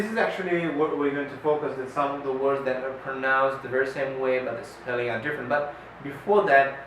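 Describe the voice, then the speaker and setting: A man teaching a classroom pronunciation lesson, speaking deliberately, pausing with "uh" and repeating each model word. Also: mid-range voice, fairly bright tone. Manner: slow, deliberate, with many "uh" pauses and repeated model words. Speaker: English teacher. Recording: echoey room, voice far from the mic, faint noise.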